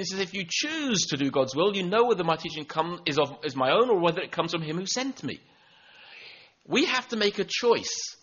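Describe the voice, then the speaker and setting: A man's voice: high voice, pushed and bright. A man giving a sermon as pastor, earnest, often repeating words as he restarts a phrase. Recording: dull lo-fi recording.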